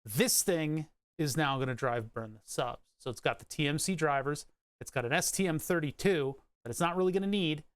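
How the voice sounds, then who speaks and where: A male streamer talks in loose, rambling chat, restarting sentences and dropping swear words as he goes. His voice sits a little high for a man. The sound is dry and close with no room echo. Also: brisk, smooth. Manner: rambling, profane, self-interrupting. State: hiccuping. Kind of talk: casual live-stream chat.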